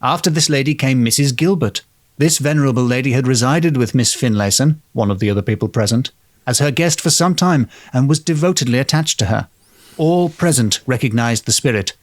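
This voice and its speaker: A man's voice: medium pitch, a little fast, no room sound. Podcast host guy, jokey, reads old ghost stories aloud, dry close mic. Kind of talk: comedic storytelling podcast chat.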